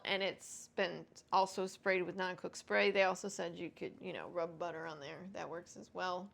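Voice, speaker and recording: A woman hosts a home cooking vlog, chatting casually and poking fun at herself as she cooks for viewers. Her voice is lowish, gravelly, and a bit bright, at a moderate pace with hardly any pauses.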